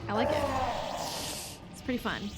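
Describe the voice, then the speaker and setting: A woman's voice: on the high side, big pitch swings, normal speed, over loud music. Chatty woman streamer, swearing. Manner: chatty, joking, swears freely, laughs often. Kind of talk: casual chat while gaming.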